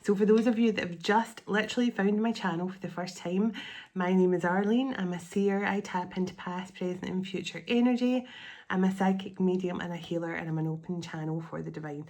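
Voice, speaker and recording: A woman's voice: lowish voice, steady tone, a little fast. A woman who hosts a psychic channel, chatting casually, gushing with thanks and rambling with fillers and restarts. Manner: warm-hearted, rambling, effusive with gratitude, many fillers and restarts. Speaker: psychic medium and channel host. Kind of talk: casual spiritual video chat.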